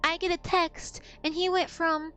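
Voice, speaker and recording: A woman's voice: very high voice, level tone, a little slow, a bit bright, highs cut off, soft background music. A woman streamer telling a story in a blunt, profane, rambling way. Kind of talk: casual storytelling on a gaming stream.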